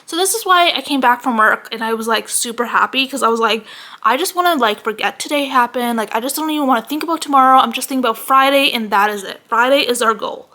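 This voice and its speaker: Young woman vlogger, high bright voice, animated sweary rant, slightly out of breath. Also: fast. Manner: animated, heavy use of "like", swearing. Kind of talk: casual ranting vlog.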